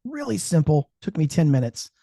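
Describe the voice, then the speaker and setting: Enthusiastic higher-voiced male podcast host. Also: normal speed, vocal fry, dry recording, studio quality. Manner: energetic, enthusiastic, slips into a radio voice for ads. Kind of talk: casual podcast chat with ad read.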